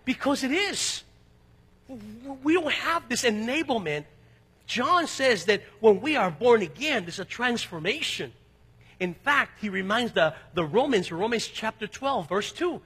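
A middle-aged male pastor preaching a sermon, swinging between quiet, low passages and loud, emphatic outbursts, and slowing down to read scripture aloud. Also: big pitch swings, husky, big-room sound.

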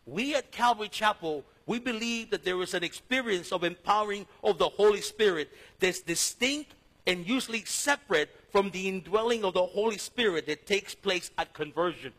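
A male pastor from East Los Angeles preaches with a husky, high-pitched voice. He tells his story in a sermon that swings between loud and hushed. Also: normal speed, poor audio.

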